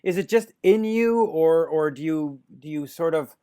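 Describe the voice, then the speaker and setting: A man's voice: on the high side, animated, moderate pace, mellow, clear, resonant tone. Jokey male podcast host. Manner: jokey, chatty questions with many restarts. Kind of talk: casual interview chat.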